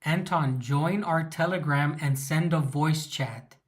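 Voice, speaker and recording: Reading chat aloud on a relaxed livestream, this host from California rambles and leans on lots of fillers while responding to viewers. His voice is a little high, and he speaks slowly.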